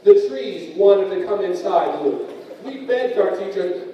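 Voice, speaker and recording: Middle aged guy, high mellow voice, funny keynote speech, animated, big echoey hall from far off. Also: a little slow, slight background noise. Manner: animated storytelling, big jumps to shouting for punchlines. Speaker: keynote speaker. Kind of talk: comedic motivational keynote. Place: large conference hall. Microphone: distant camera mic. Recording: echoey hall, distant mic.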